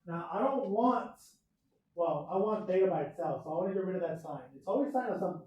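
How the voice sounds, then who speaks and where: Chatty high-voiced male math teacher. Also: expressive, quick pace, husky, dull audio. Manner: chatty, asks the class questions, goes off on tangents. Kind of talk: classroom lesson, recorded for video. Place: classroom with students.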